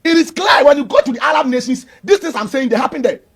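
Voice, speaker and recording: A man's voice: very high-pitched, animated, fast, creaky, fairly bright tone. A man, arguing emphatically and preachily in a heated religious debate and repeating his points. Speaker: Christian debater.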